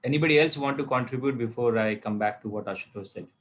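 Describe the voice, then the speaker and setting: A man's voice: medium pitch, fast talker, slight background noise. A man moderating a devotional discussion, courteously inviting others to speak.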